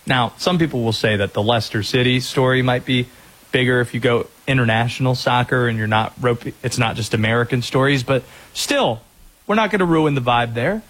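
A man's voice: mid-range voice, fairly bright tone. A man hosting a call-in sports radio show, upbeat and joking with callers. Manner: upbeat, joking, quick asides.

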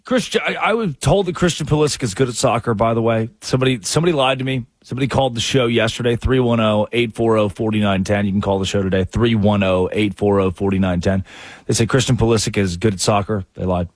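A man hosting a sports talk radio show, delivering a sarcastic, animated monologue on a studio microphone. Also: fast, dry recording. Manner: sarcastic and animated, with sudden jumps in pitch.

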